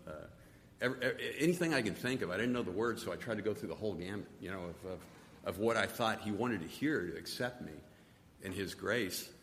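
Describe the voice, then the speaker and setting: A middle-aged man giving a personal testimony, halting and soft-spoken, often repeating his words. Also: fairly low pitch. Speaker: testimony speaker. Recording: long hall reverb, faint noise.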